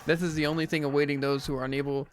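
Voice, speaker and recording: Male streamer: rapid reader, voice sits a bit high, voices all characters himself, quips between lines, faint game music under him. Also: little pitch movement. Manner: reads every character's lines himself, with jokey asides. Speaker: streamer reading a visual novel aloud. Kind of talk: let's play, reading game dialogue aloud.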